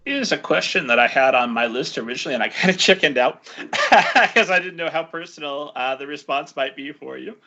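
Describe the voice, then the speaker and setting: A man hosting an interview, asking halting, chuckling questions with fillers. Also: fairly high pitch, very animated, sharp tone. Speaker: podcast host. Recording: lo-fi muffled audio.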